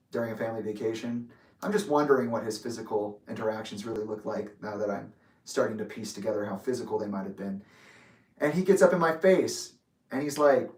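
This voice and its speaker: Angry young man, echoey distant sound. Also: medium pitch. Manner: angry, heated, swearing, acts out quoted arguments. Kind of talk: emotional personal monologue. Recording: roomy echo, voice a bit distant from mic.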